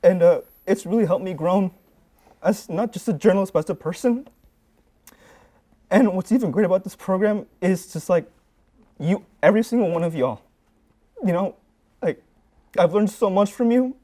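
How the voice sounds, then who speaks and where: A man's voice: high voice, mellow. A young man, a graduating student on a sports show, giving a sincere, rambling farewell full of fillers. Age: young adult. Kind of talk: heartfelt farewell speech.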